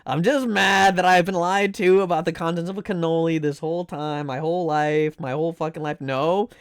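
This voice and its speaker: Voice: medium pitch, steady tone, fairly quick, smooth, no echo, studio quality. A young adult streamer chatting casually on a live stream, ranting animatedly and swearing between game guesses.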